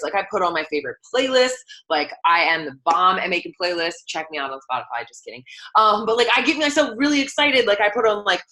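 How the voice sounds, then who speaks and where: A young woman leads her team through a motivational call. She talks fast in a bright, forward voice that sits a little low. Her delivery stays casual and upbeat, full of "like" and "um". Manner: chatty, upbeat, lots of "like" and "um". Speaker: coach leading a team call.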